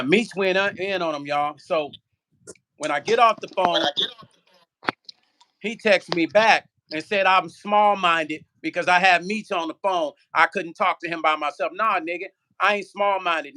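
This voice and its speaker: A man on his own channel, ranting with a high-pitched voice. His tone is bright and edgy, full of curses and repeated questions. He talks straight to the viewers about someone who wronged him. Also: normal speed, a little hiss or hum. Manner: profane, repetitive, rhetorical. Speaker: vlogger; musician. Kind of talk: heated casual rant.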